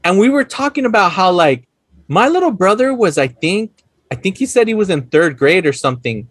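A man's voice: high-pitched, lively intonation, brisk, fairly bright tone, no echo. A man in his thirties with a Chicano accent, co-hosting a podcast in casual chat, laughing often, swearing and acting out movie lines. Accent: Chicano English. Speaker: podcast co-host.

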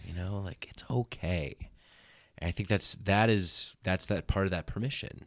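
A man's voice: deep voice, steady tone, a little fast, no echo, studio quality. A man hosting a podcast, talking in an earnest, reflective way in casual conversation. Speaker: podcast host.

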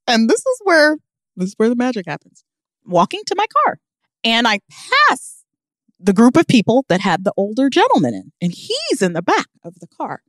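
A woman co-hosting a podcast, telling a comic story with emphatic, animated delivery and frequent laughter. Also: fairly high pitch, normal speed, dry recording, clean studio sound. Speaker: podcast co-host. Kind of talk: casual comedic storytelling.

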